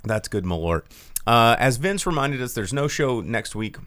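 A man's voice: medium pitch, big pitch swings, normal speed, a bit bright, dry recording. A young man hosting a podcast, ranting sarcastically in casual chat and swearing freely. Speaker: podcast host.

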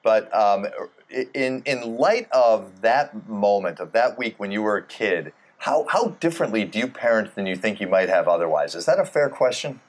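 A man's voice: fairly low pitch, expressive, normal speed. A man interviewing a guest, thoughtful and curious, often restarting as he searches for words. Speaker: interviewer, a doctor. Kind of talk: conversational interview.

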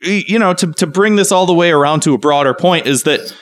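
A man co-hosting a casual podcast, telling a story with mock outrage that climbs toward near shouting. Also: fairly high pitch, fast talker. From Chicago. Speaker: podcast co-host.

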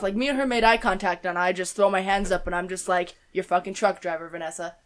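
A woman's voice: lowish voice, fairly even intonation, fast, few pauses. A woman telling a profane workplace story on a podcast, acting out what people said. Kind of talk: casual podcast chat.

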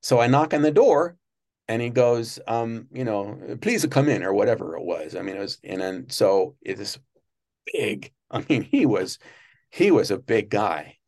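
A man's voice: on the low side, lively intonation, unhurried, a little mellow. A man, a former studio page, telling stories as an interview guest with many restarts and fillers. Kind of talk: casual interview storytelling.

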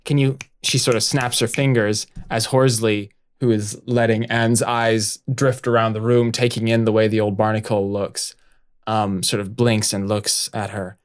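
A man's voice: on the low side, level tone, a little slow, clean tone. A man narrating his character's actions in a tabletop role-playing game, in a loose way with fillers.

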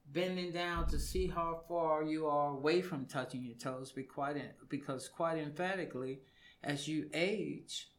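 A man's voice: a little high, measured pace, fairly bright tone. A man, a fitness coach and studio guest, explaining exercise in casual radio talk and repeating words for emphasis.

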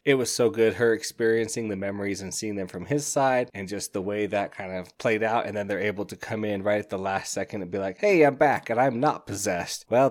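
Man, solo podcast host, somewhat low voice, casual, enthusiastic, rambling. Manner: enthusiastic and rambling, often acts out characters. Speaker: podcast host, book reviewer.

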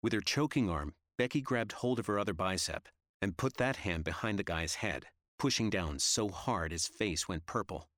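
A man narrating an audiobook in a steady, measured reading style. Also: low-pitched, no room sound, studio quality. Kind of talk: scripted narration.

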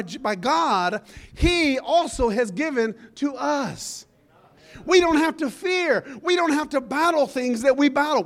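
A man with a very high-pitched voice preaches with fervor, punctuating his points with amen and hallelujah. He speaks as a pastor to his church. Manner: fervent, calls out amen and hallelujah. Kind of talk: sermon.

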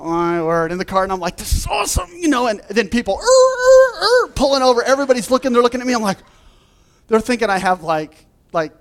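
A man preaching a sermon, telling a funny personal story in an animated way and laughing along. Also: high voice. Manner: animated storyteller, laughs through his anecdotes. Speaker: pastor.

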